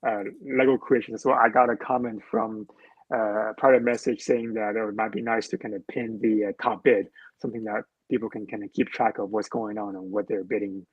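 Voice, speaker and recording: A man's voice: fairly low pitch, flat delivery, brisk, husky, no room sound, highs cut off. A man joining a livestream, speaking hesitantly with many fillers. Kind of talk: casual livestream chat.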